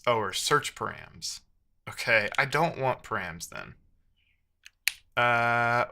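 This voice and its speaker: A man's voice: medium pitch, pushed and bright, slight background noise. A man streaming live as a programmer, thinking aloud while he codes and chatting with viewers, muttering to himself with playful asides.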